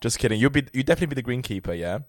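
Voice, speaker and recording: A man's voice: mid-range voice, expressive, racing, no room sound, clean studio sound. A man co-hosting a podcast in casual chat, upbeat and joking, laughing often. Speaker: podcast co-host.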